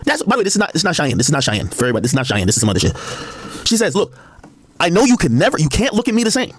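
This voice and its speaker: A man talks at a racing clip in a husky, dry-sounding voice, and his pitch swings widely as he reads text messages aloud. He breaks off the quotes with blunt asides on a heated livestream. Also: wildly swooping pitch, racing, no room sound. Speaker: streamer reading out text messages.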